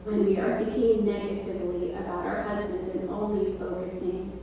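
A woman's voice: mid-range voice, little pitch movement, normal speed, heavy reverb, distant mic, highs cut off, noisy background. A woman, the pastor's wife, speaking earnestly to a church meeting with many fillers.

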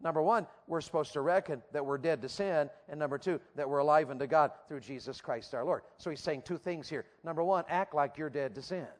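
A man's voice: fairly high pitch, a little fast, few pauses. A man preaching a sermon to teenagers, asking emphatic, repeated rhetorical questions. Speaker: youth preacher. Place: church platform before a youth audience.

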